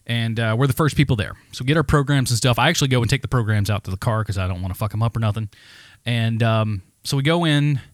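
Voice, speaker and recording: A man co-hosting a podcast, telling a story in a casual, animated, heavily profane rant. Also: medium pitch, fast talker, no echo, clean studio sound. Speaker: podcast co-host.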